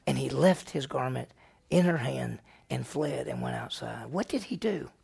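A middle-aged man, a pastor, teaching a Bible study lesson in an animated way, firing questions at the class and answering them himself. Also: medium pitch, normal speed, creaky, slightly rough.

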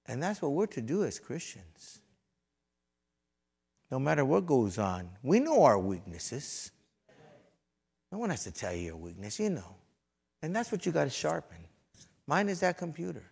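Gravelly-voiced preaching man. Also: on the high side, sing-song, normal speed, pauses often. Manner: swings from loud fervent preaching to quiet storytelling; folksy, conversational asides. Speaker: pastor. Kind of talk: sermon.

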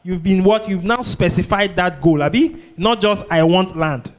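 A pastor with a Nigerian accent and a high-sitting voice preaches a sermon at normal speed. He uses call-and-response, repeatedly asking the congregation "what?" so they finish his sentences.

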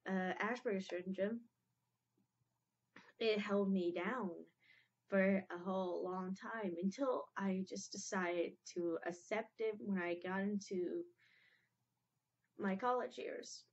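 A young woman gives casual reaction commentary, her speech halting and emotional and full of false starts. She talks at an unhurried, slow pace over a dull, lo-fi recording. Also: mid-range voice, steady tone. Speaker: reaction video host.

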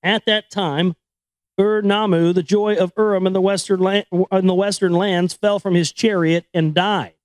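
A man's voice: high voice, fairly even intonation, moderate pace, no echo, low-quality recording. A man reading a book aloud with casual commentary, often stumbling over names and correcting himself. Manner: stumbles over names and words, self-corrects, irreverent asides. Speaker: reader and commentator.

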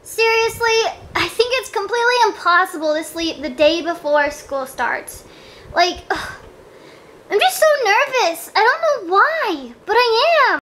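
A woman's voice: extremely high pitch, big pitch swings, measured pace, fairly bright tone, slight background noise, pitched above the performer's own voice, full character voice. A woman voicing a nervous little kindergarten girl doll in a doll role-play, whiny and sighing.

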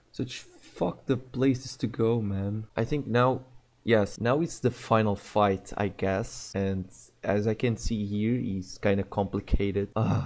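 Excitable young man commenting on gameplay. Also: lowish voice. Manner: excitable, swears often, talks to himself. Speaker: gaming video creator.

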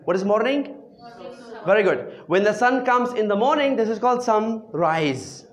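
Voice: mid-range voice, expressive, normal speed. An English teacher running a classroom drill, asking questions and answering them, repeating simple phrases, and praising often with "very good" and "excellent.". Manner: patient call-and-response questioning with frequent praise.

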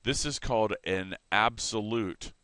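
A man teaching a math lesson in a relaxed way, correcting himself and explaining as he sketches on a board. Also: on the low side, measured pace, smooth, no echo.

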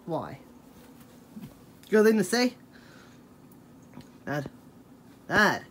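A woman's voice: medium pitch, very animated, takes it slowly, slight background noise. A woman, chatting in a casual, rambling vlog, full of laughing asides and "hashtag" quips. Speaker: daily vlogger.

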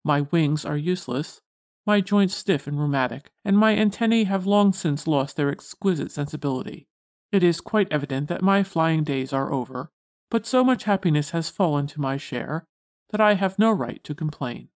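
A woman's voice: low-pitched, animated, moderate pace, a little mellow. A woman voicing an aged, dignified male butterfly who speaks in a solemn, formal way in a storybook reading.

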